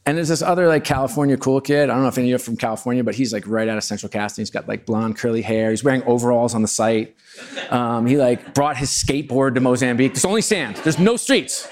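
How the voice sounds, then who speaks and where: A man's voice: medium pitch, fast talker. A middle-aged man giving a storytelling talk to a live audience, chatty and self-deprecating with plenty of asides. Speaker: keynote speaker.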